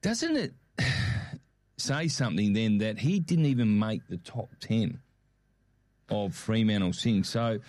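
A middle-aged Australian man chats as a co-host, telling a story with animated, acted-out quotes. The recording is close and dry, with no room sound. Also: lowish voice, takes it slowly, no room sound. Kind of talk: casual chat.

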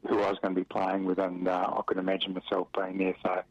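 A middle-aged Australian man, a former footballer from Western Australia, telling rambling anecdotes with chuckles and many fillers in a relaxed interview. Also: deep voice, fast talker, husky, no echo. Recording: muffled dry radio recording.

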